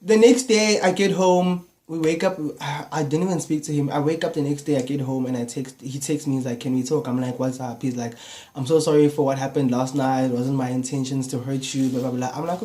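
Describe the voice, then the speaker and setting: Young South African guy, storytime vlogger, casual and animated, tosses in slang fillers. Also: medium pitch, fairly quick. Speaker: YouTuber. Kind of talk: storytime vlog.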